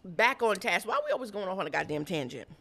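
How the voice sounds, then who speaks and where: A woman's voice: medium pitch, vocal fry, slightly rough. A woman in her thirties co-hosting a podcast, chatting casually with lots of slang. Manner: animated, talks fast with slang and laughter. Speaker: podcast co-host. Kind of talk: casual chat.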